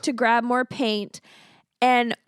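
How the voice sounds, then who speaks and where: A woman's voice: fairly high pitch, little pitch movement, takes it slowly, clean tone, no room sound, clean studio sound. A woman co-hosting a podcast, chatty and amused as she retells scenes from a movie. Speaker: podcast co-host. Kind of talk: casual movie-review chat.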